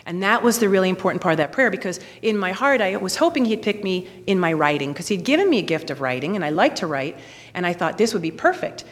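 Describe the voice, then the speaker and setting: A woman in her forties giving a lively personal testimony, acting out the voices of people in her story. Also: on the low side, fast. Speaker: speaker telling her faith story. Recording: long reverb, hall.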